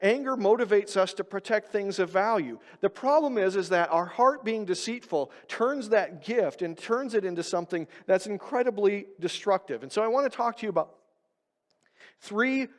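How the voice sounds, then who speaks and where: A man's voice: high-pitched, lively intonation, moderate pace. A man preaching a sermon as pastor, talking conversationally, asking the congregation questions and acting out quoted voices. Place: church sanctuary. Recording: church hall reverb.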